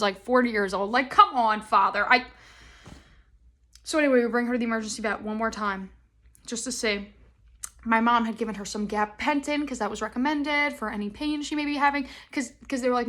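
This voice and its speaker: A young woman chats on her podcast, her voice bright and sitting a bit high. She rambles through her stories with lots of animated asides and acts out what everyone said along the way. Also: a little fast. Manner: rambling, animated storytelling with acted-out quotes. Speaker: podcast host. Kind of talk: casual chat.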